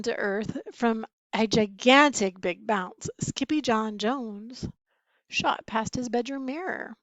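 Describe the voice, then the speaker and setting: A woman teacher reading a bedtime story aloud in an expressive, animated way. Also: a little high, takes it slowly, no echo. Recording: dull lo-fi dry sound.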